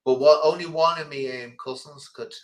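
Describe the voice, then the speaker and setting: A man's voice: on the high side, fairly even intonation, normal speed, fairly bright tone, rough recording. Middle-aged english guy rambling on, opinionated, lots of ums, casual chat. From England. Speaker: host.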